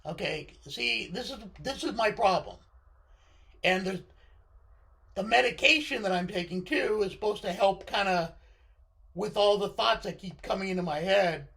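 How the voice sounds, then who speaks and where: A middle-aged man with a high, gravelly, scratchy voice talks straight to his viewers from home. He rambles from one thought to the next, stumbling over repeated words and cutting himself off mid-sentence. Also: normal speed, a bit bright. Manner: digressive, stammering, self-interrupting. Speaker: vlogger. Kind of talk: rambling casual monologue.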